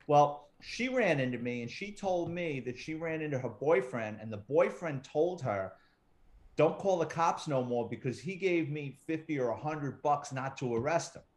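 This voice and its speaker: A middle-aged man with a slightly high voice tells stories from his police years, cursing freely and acting out the dialogue. He talks in a loose, animated interview style. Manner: profane, animated anecdote-telling with quoted dialogue. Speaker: retired police detective, guest. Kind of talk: casual storytelling interview.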